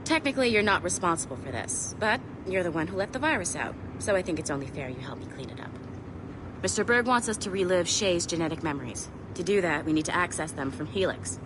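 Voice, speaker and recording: An actress playing a sharp-tongued, sarcastic female tech agent in a video game, with steady ambient noise behind. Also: lowish voice, lightly acted. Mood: brisk. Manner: brisk, sarcastic.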